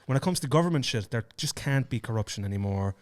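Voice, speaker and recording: A man's voice: medium pitch, animated, fast talker. Irish man, casual and swearing. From Ireland. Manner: loose, profane storytelling. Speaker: podcast co-host. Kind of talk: casual chat.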